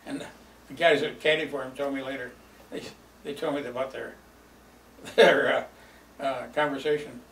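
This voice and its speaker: Recording an oral history, an older storyteller rambles through old memories, chuckling and using lots of fillers. His mid-range voice is gravelly yet fairly bright, with a steady tone. He sits far from the mic in a roomy space with a faint hum of ambience.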